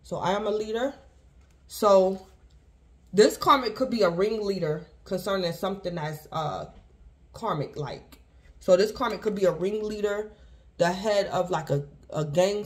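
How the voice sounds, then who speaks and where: A tarot reader with a fairly low voice gives her viewers a casual reading at a measured pace. She rambles and repeats herself, addressing the collective in loose restarts that keep circling back to one point.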